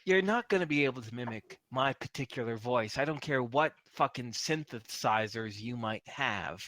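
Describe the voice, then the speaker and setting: A man voicing a foul-mouthed, defiant criminal being interrogated, yelling insults. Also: a little slow, no room sound, rough recording. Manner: snarling, swearing, pitch leaps up when yelling.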